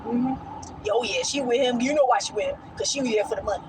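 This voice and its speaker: A woman's voice: a little high, fast, background noise, pitched below the performer's own voice, lightly acted. A woman mimicking judgmental gossiping onlookers with a mocking, dismissive drawl. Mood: sneering.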